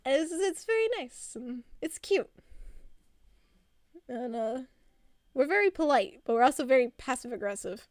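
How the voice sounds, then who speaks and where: A woman's voice: sits high, big pitch swings, moderate pace, pauses often, no echo, studio quality. A woman from the American South chatting casually on a live stream, giggly and rambling, with frequent laughs. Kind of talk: casual chat.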